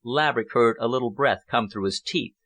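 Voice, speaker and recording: Guy reading an audiobook, steady and measured, average pitch. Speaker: audiobook narrator. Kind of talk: scripted narration.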